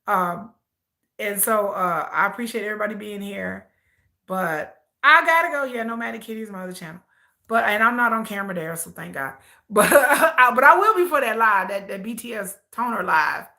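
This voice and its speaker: Bright-voiced American woman ranting. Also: mid-range voice, lively intonation, normal speed, creaky. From United States. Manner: outspoken, incredulous ranting with mocking mimicry. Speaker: live-stream host reacting to a reality show. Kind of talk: casual livestream commentary.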